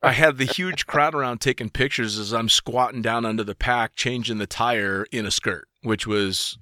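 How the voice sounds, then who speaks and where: Bright, dry-voiced man hosting casually. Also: medium pitch, steady tone, moderate pace, no room sound. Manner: profane, rambling with many fillers. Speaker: podcast host. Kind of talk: casual storytelling chat.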